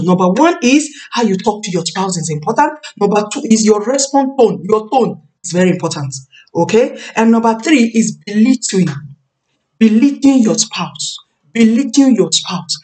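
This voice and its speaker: A woman's voice: medium pitch, lively intonation, a little mellow. Emphatic woman preacher, slightly distant mic. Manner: emphatic, repeats key phrases, slows to stress words. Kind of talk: sermon on marriage. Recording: voice a bit far from the mic.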